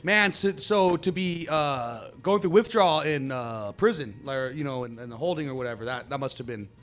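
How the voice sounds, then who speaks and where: A man's voice: medium pitch, moderate pace, fairly bright tone, faint music behind. A man co-hosting a casual interview, offering sympathetic remarks with many "yeah"s. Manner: sympathetic, brief agreeing remarks.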